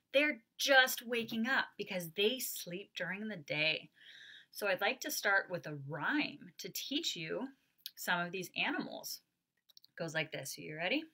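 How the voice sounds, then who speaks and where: A bright, animated woman runs a children's storytime in a sing-song voice. She takes her time and swoops widely in pitch. She makes playful animal sounds and drops into hushed asides. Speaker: children's librarian. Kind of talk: family storytime with songs and rhymes.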